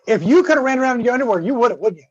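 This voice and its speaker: A man with a Southern US accent, swearing freely as he tells an animated story in casual podcast chat. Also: very high-pitched, racing, no room sound. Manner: profane, animated storyteller with many "right?" tags. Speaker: guest co-host. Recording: slightly dull lo-fi dry sound.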